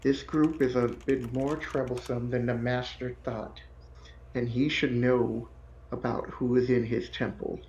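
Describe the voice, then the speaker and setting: A man's voice: medium pitch, level tone, unhurried, darkish tone, a little hiss or hum, close to an everyday voice. A man voicing a stern male ogre mage who gives curt orders, on dull lo-fi stream audio. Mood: commanding.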